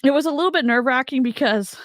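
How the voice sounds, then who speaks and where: A woman's voice: high-pitched, rapid-fire, no echo, studio quality. A woman hosting a casual chat on a video call, talking in a chatty way with lots of fillers. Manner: chatty, laughs often, filler-heavy. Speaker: host.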